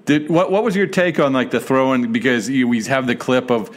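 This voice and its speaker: A man's voice: mid-range voice, fairly quick, a crowd in the background. A man hosting an interview show, asking questions in a loose, chatty way and laughing easily. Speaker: podcast host. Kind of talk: casual interview conversation.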